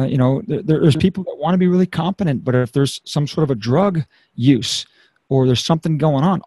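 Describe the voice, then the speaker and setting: A man's voice: mid-range voice, no room sound. A man hosting a podcast interview, talking casually and with upbeat energy, often repeating a word as he starts a phrase. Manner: upbeat, energetic, hypes the sign-off. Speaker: podcast host.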